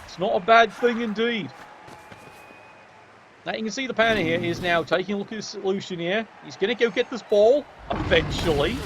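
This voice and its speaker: A high-pitched man calls a game match with a dry, mocking edge, swearing casually and talking straight to the players. His voice sits well above the usual male range. A clear wash of background noise hums under the whole recording. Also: moderate pace, long pauses. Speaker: commentator. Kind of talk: game commentary.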